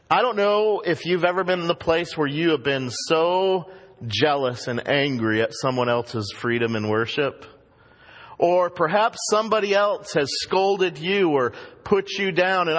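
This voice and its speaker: A man preaching a sermon as pastor, emphatic and animated, acting out the voices he quotes. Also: a little high, unhurried. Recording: long reverb of a hall.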